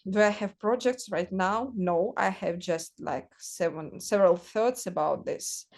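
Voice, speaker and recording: Woman telling stories haltingly. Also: on the low side, darkish tone. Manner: halting, searching for words, many fillers. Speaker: guest artist. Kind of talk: casual conversational storytelling.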